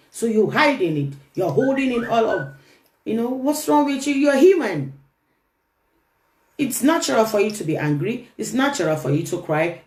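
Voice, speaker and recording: A woman's voice: mid-range voice, darkish tone. A woman with a mid-range voice gives an earnest relationship talk, hammering home her points by repeating them. Her voice rings around a roomy, echoey space. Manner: emphatic, repeats key phrases. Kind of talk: earnest motivational talk to camera. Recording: roomy echo.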